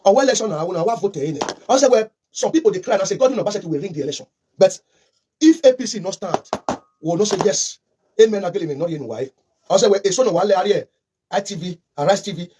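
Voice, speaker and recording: A man's voice: sits high, darkish tone, husky. A man with a Nigerian accent mixing in Pidgin, giving fervent, rambling political commentary with lots of repetition.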